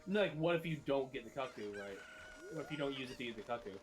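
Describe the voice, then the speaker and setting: A man's voice: medium pitch, expressive, fast talker, faint music behind. A man joking around in casual commentary over a friend's gameplay.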